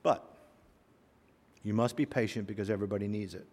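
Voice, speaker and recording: A man pastor preaching a sermon, telling stories and acting out the people in them, swinging between loud and soft. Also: lowish voice, a little fast. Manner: animated storyteller, voices characters, swings loud and soft. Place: church sanctuary. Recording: long reverb of a hall.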